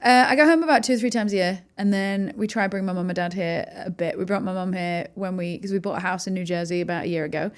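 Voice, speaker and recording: An English woman with a slightly low voice talks as a guest in a relaxed podcast chat. She rambles happily through lists of favourites. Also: fast, hardly any pauses. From England. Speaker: make-up artist guest. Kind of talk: casual chat.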